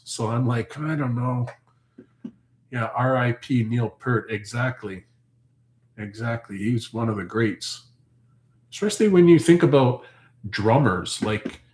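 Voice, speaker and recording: A man's voice: medium pitch, roomy sound. A man hosting his homestead channel, chatting casually and answering viewers' comments in a rambling, thinking-aloud way.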